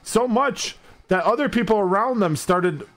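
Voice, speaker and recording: A man's voice: high voice, normal speed. A young man live streaming, casually telling a story to his chat with plenty of swearing. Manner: animated, heavy swearing.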